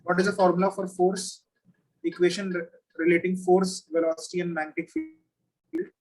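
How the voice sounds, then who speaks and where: A male physics teacher giving an oral exam over a video call. He is patient and repeats his questions slowly. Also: sits high, fairly even intonation, a little mellow, poor audio.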